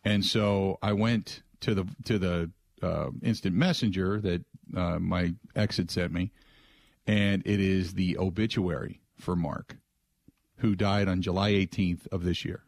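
Rambling low-voiced radio host, dry studio. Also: male voice, measured pace, creaky, no room sound. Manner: rambling, restarts, animated when quoting others. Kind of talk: casual storytelling on talk radio.

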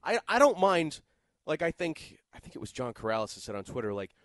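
A man co-hosting sports radio, talking in a loose, rambling way and restarting his sentences often. His voice sits a little high and moves up and down a lot. It sounds close and dry in the studio. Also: fairly quick, no echo. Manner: animated, rambling with many restarts. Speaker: co-host. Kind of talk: casual sports radio chat.

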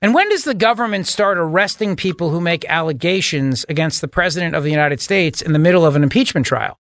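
A man hosting a talk radio show, delivering a sarcastic, mocking, animated monologue to his listeners. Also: high-pitched, no echo, studio quality. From Italian heritage, US.

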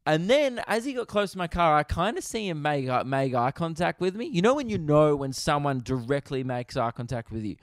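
A man's voice: on the high side, big pitch swings, fairly quick, few pauses, no room sound, studio quality. A young Australian man hosting a podcast, telling a funny story in a laid-back way, swearing freely and laughing at himself. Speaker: podcast host. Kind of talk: casual storytelling.

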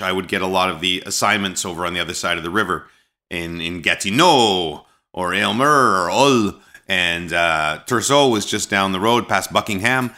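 A man's voice: sits low, pushed and bright. A Canadian man hosting a podcast, telling rambling stories with many restarts over a remote call. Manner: rambling storyteller, frequent restarts. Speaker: podcast host. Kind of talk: casual chat.

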